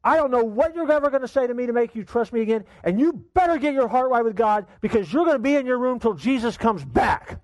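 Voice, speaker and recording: A man voicing an angry father who explodes at his young son, shouting and exasperated. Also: extremely high pitch, animated, quick pace, few pauses, no room sound, voice pushed up. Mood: furious.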